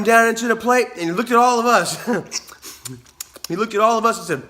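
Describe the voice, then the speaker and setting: A man's voice: extremely high pitch, quick pace, pushed and bright. A man, vlogging casually, telling rambling stories, laughing often and swearing freely. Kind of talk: casual vlog storytelling.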